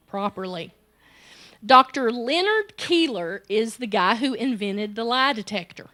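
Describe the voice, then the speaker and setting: A woman, delivering a sermon at a women's conference, telling personal stories and acting out the voices in them. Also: bright, forceful tone. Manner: storytelling, acts out quoted child and self in high pitch. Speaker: women's ministry director, conference speaker.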